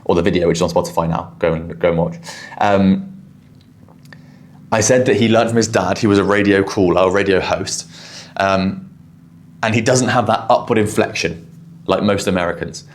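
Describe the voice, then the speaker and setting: A man with a southwest English accent talks through a podcast clip he recorded, breaking down what was said. His voice sits very low, and he speaks quickly and explains as he goes, often restarting his sentences. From southwest England. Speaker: podcast host reviewing a clip.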